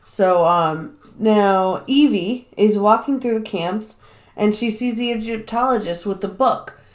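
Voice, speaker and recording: A woman's voice: mid-range voice, unhurried. Swearing woman recapping a movie. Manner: animated storytelling, heavy swearing. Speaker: podcast co-host. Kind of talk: casual chat recapping a film.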